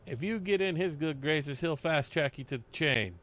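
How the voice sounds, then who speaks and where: A streetwise male gatekeeper, as a man reads him out, slangy and sardonic. The voice sits fairly high for a man. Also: expressive, moderate pace, fairly bright tone. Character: gruff male compound gatekeeper, wry and streetwise.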